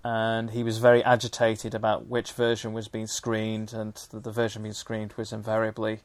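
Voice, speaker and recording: A man speaking as a film historian in a conversational discussion, measured and detailed, with frequent restarts. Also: lowish voice, completely flat delivery, dry recording.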